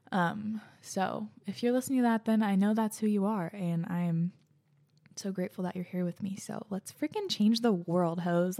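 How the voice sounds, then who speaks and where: A young woman hosting a podcast, out of breath, chatting in a bubbly, slangy way that often drops into soft near-whispers, and reading out listener letters. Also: fairly low pitch. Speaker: podcast host.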